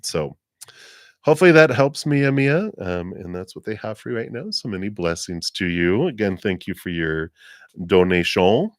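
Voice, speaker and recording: Male livestream reader with a very low voice and a gentle, meandering, fill-word-heavy delivery, laughing often, a little lower than usual from the weather, dry close mic. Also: animated, moderate pace, dry recording. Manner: gentle, rambling, laughs often, many fillers. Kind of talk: casual live reading.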